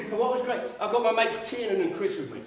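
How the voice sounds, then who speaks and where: A male comedian telling an animated, swearing stand-up story at a live event. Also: high voice, brisk. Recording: echoey live venue, distant mic, audience laughter.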